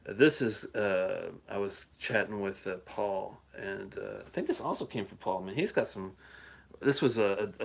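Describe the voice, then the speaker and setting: Rambling, chatty man with a low voice. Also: creaky. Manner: rambling and chatty, with frequent fillers and chuckles. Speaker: whisky reviewer hosting a live show. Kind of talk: casual live-stream chat. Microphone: phone or handheld device he plugs in and holsters.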